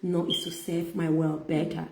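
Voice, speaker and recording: A middle-aged woman giving a faith-based self-help talk as a motivational speaker, speaking slowly and emphatically with preacherly repetition. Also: deep voice, flat delivery, gravelly, darkish tone. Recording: echoey room.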